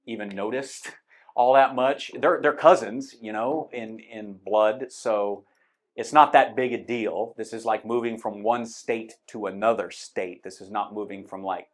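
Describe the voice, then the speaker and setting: A man teaching a church Bible class, talking through a map in a casual, conversational way with frequent fillers. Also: on the low side.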